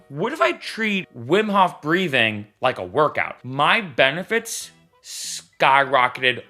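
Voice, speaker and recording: A man talking casually to his vlog audience in a bright, forward voice whose pitch rises and falls a lot. He sounds candid and chatty, tossing in little asides as he goes. Soft music plays faintly behind him. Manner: candid and chatty, leaning on fillers like "right?" and "I'll be honest". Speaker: vlogger. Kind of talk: casual vlog talk to camera.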